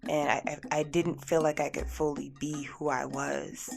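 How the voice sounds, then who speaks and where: Woman radio host, low voice, gravelly edge, earnest storytelling, music behind. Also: flat delivery, normal speed. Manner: heartfelt, earnest, repetitive phrasing. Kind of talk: personal storytelling on a spiritual talk show.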